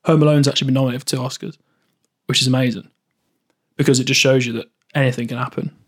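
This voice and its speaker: A man's voice: mid-range voice, steady tone, fast talker, breathy edge. A man co-hosting a podcast, rambling casually about films with lots of laughs and restarts. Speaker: podcast co-host.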